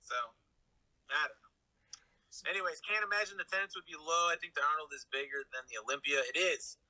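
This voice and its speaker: Bright, high-voiced man who swears casually. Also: brisk, poor audio. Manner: blunt, swears freely, laid-back. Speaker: fitness YouTuber guest on a live Q&A. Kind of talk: casual live-stream chat.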